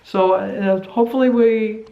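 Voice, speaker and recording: Halting, chatty woman vlogging at home. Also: medium pitch, steady tone, gravelly, lo-fi sound. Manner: rambling and halting, with many restarts. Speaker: weight-loss vlogger. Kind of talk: casual chat to camera. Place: a room at home. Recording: echoey room.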